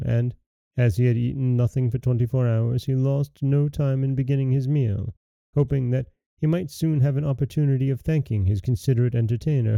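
A man hosting a folktale podcast, reading a fairy tale aloud in a measured, gentle storytelling way. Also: medium pitch, creaky, dry recording, lo-fi sound. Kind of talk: scripted narration.

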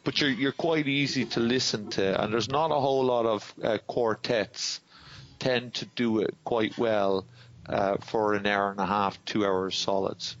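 A man's voice: lowish voice, steady tone, unhurried. An Irish man telling stories as a podcast guest in casual chat, rambling and restarting his words often. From Ireland. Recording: dull dry podcast sound.

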